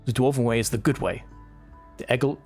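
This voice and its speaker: Brief: male streamer, mid-pitched voice, reads on-screen game text with wry remarks, soft game music underneath. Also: steady tone, fairly quick. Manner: wry, reads dialogue aloud with asides. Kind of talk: live gameplay commentary, reading game text aloud.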